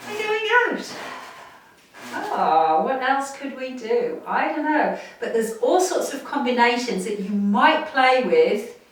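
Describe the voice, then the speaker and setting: A woman's voice: fairly high pitch, expressive, measured pace, a little hiss or hum. Laughing woman leading a playful exercise class. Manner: encouraging, laughs often, chatty while moving. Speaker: movement instructor. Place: home room, seated on a chair. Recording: echoey room, mic at a distance.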